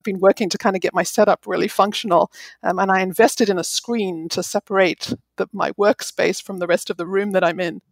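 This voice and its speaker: A woman's voice: mid-range voice, fairly even intonation, brisk, husky, no room sound. A woman researcher on teamwork, giving thoughtful interview answers with hedging fillers.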